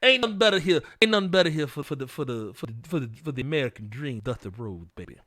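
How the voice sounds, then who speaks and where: A man's voice: on the high side, expressive, fast talker, fairly bright tone. A man doing an impression of a boastful male pro wrestler, drawling swaggering catchphrases.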